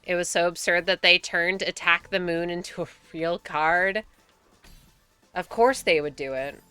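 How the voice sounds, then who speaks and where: Young American woman, game streamer, loose and profane, bright, crisp voice on the lower side, with faint music underneath. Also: unhurried, no echo. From United States. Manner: chatty, swears often, laughs between remarks. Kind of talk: casual gaming commentary.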